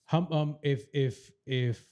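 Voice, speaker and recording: A man's voice: medium pitch, fairly even intonation, slow pace, dark tone, smooth, lo-fi sound. A man hosting a casual interview, agreeable and reflective as he asks his questions. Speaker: podcast host.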